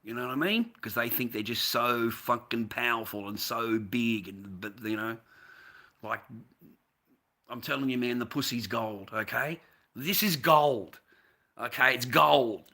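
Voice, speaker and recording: Aussie bloke ranting, very sharp bright voice, keeps saying mate and bro. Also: male voice, medium pitch, normal speed. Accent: Australian. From Australia. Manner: profane, repetitive, addresses the listener as mate and bro. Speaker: vlogger recounting a story. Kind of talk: casual rambling monologue.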